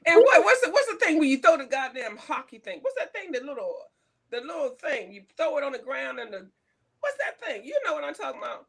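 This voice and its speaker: A woman's voice: high voice, sing-song, brisk, creaky, fairly bright tone. A woman co-hosting a casual chat, telling blunt, profane stories about her school days. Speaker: co-host.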